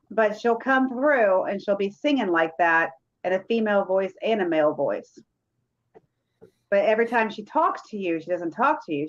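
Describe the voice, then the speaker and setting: Woman rambling through a story, lo-fi. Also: mid-range voice. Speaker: paranormal investigator. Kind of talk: casual chat. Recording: dull lo-fi sound.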